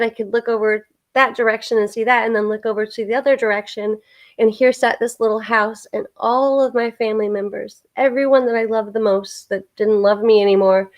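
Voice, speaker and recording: A woman hosting a casual spiritual chat on a live stream, earnestly telling a long personal story. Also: medium pitch. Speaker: host.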